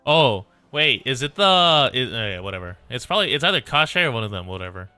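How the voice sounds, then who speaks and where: A man's voice: mid-range voice, very animated, fast, bright, forceful tone, smooth, dry recording, soft background music. A man streaming, reading a game story aloud with musing, chatty asides.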